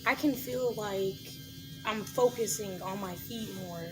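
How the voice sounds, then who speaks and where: A woman's voice: medium pitch, unhurried, over music, low-quality recording. A woman being interviewed in casual chat, giggly and chatty, saying she loves laughing. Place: outdoors in public.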